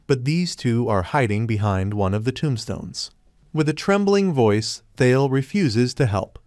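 A man reading a scripted story recap in a steady, even storytelling manner. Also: mid-range voice, measured pace, no room sound, studio quality. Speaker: recap narrator.

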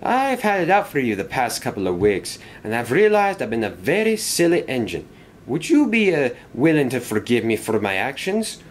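A man's voice: mid-range voice, big pitch swings, slight background noise, pitched above the performer's own voice, close to an everyday voice. A man voicing a grumpy, scheming male engine who grumbles and sulks, in a storybook tale. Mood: sheepish. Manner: grumbling and cross, with drawn-out complaints. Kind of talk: storybook character voice.

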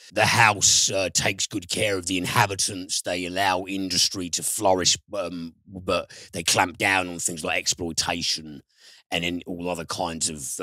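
A man's voice: low-pitched, sharp tone, no echo, clean studio sound. A British man reviewing films on a podcast in casual chat, enthusiastic and swearing freely. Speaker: film reviewer.

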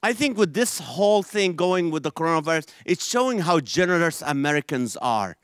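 A man from Israel doing a stand-up comedy routine, animated and quick with quoted voices. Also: fairly high pitch, clean tone, no echo, clean studio sound.

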